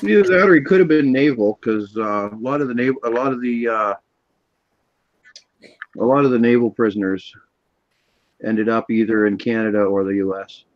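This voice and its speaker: A man's voice: medium pitch, moderate pace, long pauses, muffled recording. A man chiming in casually during a hobby chat, explaining offhand.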